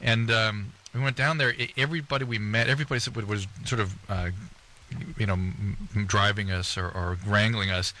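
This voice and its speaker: A man hosting a radio call-in show, talking quickly and chattily with frequent restarts. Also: lowish voice, steady tone, bright, forceful tone, a little hiss or hum. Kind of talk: radio talk and interview.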